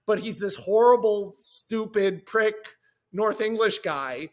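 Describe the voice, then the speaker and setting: A man with a notably high speaking voice talks as a guest on a podcast. He recounts his own script in an eager rush, tripping over restarts and circling back mid-sentence. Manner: fast, enthusiastic storytelling with many restarts. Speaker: screenwriter guest. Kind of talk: podcast conversation.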